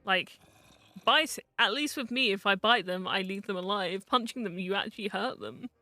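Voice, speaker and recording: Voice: mid-range voice, normal speed, bright, forceful tone, no room sound, soft background music. A VTuber streamer in casual live-stream chat while gaming, rambling, teasing friends and muttering to themself.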